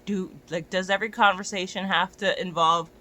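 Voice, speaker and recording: Exasperated young dog walker ranting, bright voice. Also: mid-range voice, fairly even intonation, normal speed, a little hiss or hum. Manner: exasperated, profane, rising to near-shouts. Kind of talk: ranting vlog to camera.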